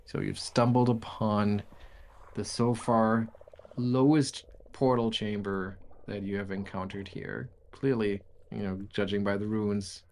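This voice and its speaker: A man narrating as game master of a tabletop game, describing rooms in a relaxed way with frequent fillers. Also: fairly low pitch, unhurried, slight background noise.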